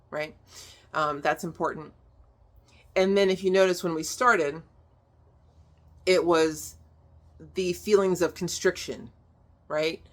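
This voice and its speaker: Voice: mid-range voice, unhurried, pauses often, a bit bright. Chatty, casual tapping instructor. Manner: chatty, peppered with "um", "like" and "right?"; blunt, swears casually.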